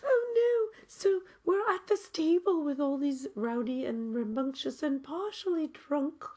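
A woman with a strikingly high voice that leaps all over the place tells a comic story in character. She is excitable and theatrical, breaking into sudden squeals. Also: unhurried. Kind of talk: improvised comedy chat.

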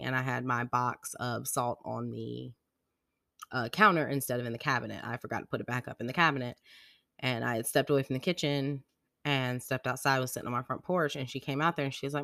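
A woman's voice: extremely low pitch, steady tone, brisk, creaky, fairly bright tone, no echo, studio quality. A young woman hosting a podcast, telling stories about her daughter in a slangy, rambling way with lots of "like". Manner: chatty storytelling, slangy, lots of "like". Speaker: podcast host. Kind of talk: casual chat.

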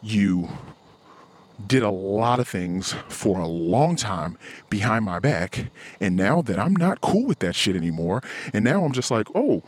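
A man with a husky, somewhat low voice rants bluntly on his podcast. He swears freely and keeps circling back to his point in a heated, casual monologue. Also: big pitch swings, a little slow, dry recording. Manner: blunt, profane, heated ranting. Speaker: podcast host.

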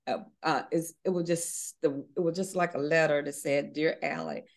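A woman's voice: deep voice, fairly even intonation, moderate pace. Earnest woman telling a faith story. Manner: earnest storytelling, acts out voices in her story; hesitant restarts and fillers. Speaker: interviewee. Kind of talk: personal faith testimony.

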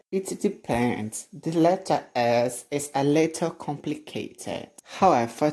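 A woman with a strikingly deep, low voice gives a podcast pronunciation lesson. She speaks unhurriedly, repeating each sound with care. Her corrections stay gentle. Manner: slow, deliberate, models sounds by repeating them. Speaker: pronunciation teacher.

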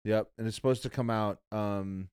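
A man's voice: lowish voice, steady tone, moderate pace, a little mellow, clear, resonant tone, no echo, clean studio sound. A young man hosting a podcast in casual chat, rambling and profane, calling people "bro" and "dude.". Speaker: podcast host.

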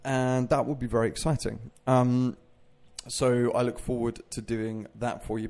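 A man's voice: mid-range voice, flat delivery, measured pace, darkish tone. A man hosting his own fitness podcast, chatting casually in a rambling way with self-mocking jokes. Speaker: podcast host and fitness coach. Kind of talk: casual solo podcast chat.

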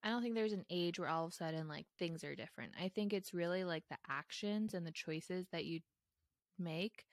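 A woman's voice: on the low side, a little fast, dry recording, studio quality. A young woman co-hosting a podcast, chatting casually and reflectively with plenty of fillers and easy laughter. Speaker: podcast co-host. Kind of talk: casual chat.

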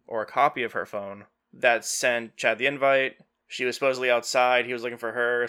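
A man retells a film's plot in a relaxed podcast chat, quoting characters offhandedly. His voice is bright and smooth, with a crisp, clear sound. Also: mid-range voice. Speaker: podcast host. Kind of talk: casual movie recap.

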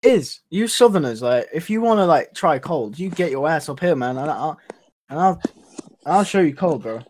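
A man's voice: fairly high pitch, animated, normal speed, darkish tone. A young man with a Northern English accent, filling in as podcast host, talking in a laid-back, rambling, slangy way. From Northern England. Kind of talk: casual chat.

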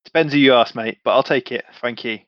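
A man's voice: mid-range voice, fast talker, no echo. A man playing his character in a tabletop game, with matey, swearing, laid-back banter. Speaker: player. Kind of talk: in-character tabletop role-play. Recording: slightly muffled, dry sound.

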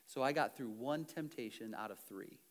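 Preaching an animated sermon, a male pastor swings between loud urging and hushed earnestness, with self-deprecating humor along the way. He speaks at a medium pitch and a moderate pace.

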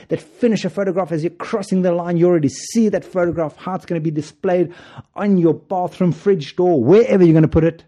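A podcast host and running coach delivers a casual monologue on his running show, playful and joking, often chuckling through his stories. His voice is on the high side and dark in tone, and he talks fairly quickly.

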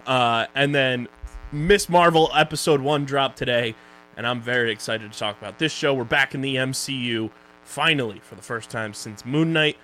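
A man's voice: medium pitch, moderate pace, pushed and bright. Man hosting a casual podcast, faint hum. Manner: loose and joking, reads plugs and sponsor reads. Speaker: podcast co-host.

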